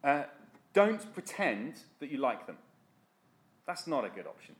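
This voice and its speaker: A man's voice: medium pitch, sing-song, unhurried. A man preaching a sermon in an earnest, direct, exhorting way.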